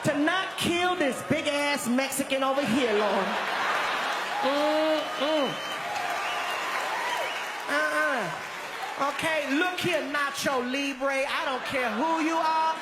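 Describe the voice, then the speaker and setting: A man on a comedy stage acting out a loud, sassy woman friend who scolds and shouts in exasperation. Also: very high-pitched, very slow, pauses often, very noisy, voice pushed up, exaggerated voice. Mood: outraged. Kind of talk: stand-up act-out. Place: large live comedy venue. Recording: live stage mic in a reverberant venue with loud crowd ambience.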